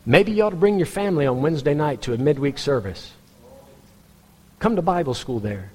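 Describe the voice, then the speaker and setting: A man preaching a sermon in a conversational, pointed way, jumping into a higher voice when he imitates people in the pews. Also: animated, fairly quick, darkish tone, in a large hall. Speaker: pastor.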